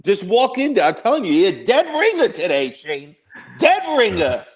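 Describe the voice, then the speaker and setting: A man on a casual group video chat, joking and animated as he gives shout-outs. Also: sits high, moderate pace. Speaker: podcast guest.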